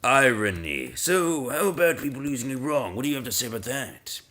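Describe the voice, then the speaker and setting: A man's voice: medium pitch, sing-song, brisk, fairly bright tone. A man hosting a casual let's-play video, rambling and self-mocking as he stammers and repeats his words. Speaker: gaming video host.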